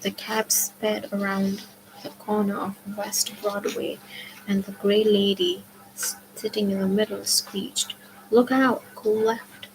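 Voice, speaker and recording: A woman reading a novel aloud, softly and often half-whispered. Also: mid-range voice, completely flat delivery, slow, vocal fry, background noise. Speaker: book reader.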